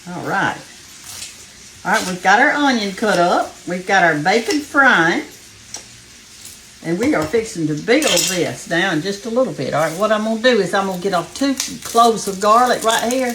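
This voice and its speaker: A woman's voice: mid-range voice, animated, moderate pace, background noise. A Southern woman hosting a home cooking show, chatting folksily with her viewers as she cooks and sounding a little out of breath. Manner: folksy and chatty, talks straight to viewers as "y'all". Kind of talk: casual cooking demonstration. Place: home kitchen. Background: faint frying sizzle.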